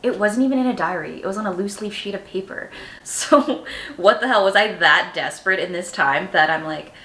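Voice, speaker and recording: A woman's voice: mid-range voice, brisk, fairly bright tone, reverberant. A woman in her twenties telling funny personal stories at home in casual vlog chat, candid and self-mocking, laughing often. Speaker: vlogger.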